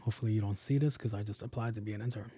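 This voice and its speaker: A man's voice: on the low side, steady tone, rapid-fire, warm tone, breathy edge, dry recording. A man hosting his own podcast, talking in a rambling, casual way, swearing freely and stumbling over tongue twisters. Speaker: podcast host. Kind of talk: casual solo podcast chat.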